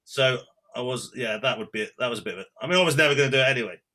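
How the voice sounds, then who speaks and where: A man's voice: medium pitch, very fast, pushed and bright. A man hosting a podcast, bantering and swearing casually. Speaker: podcast host.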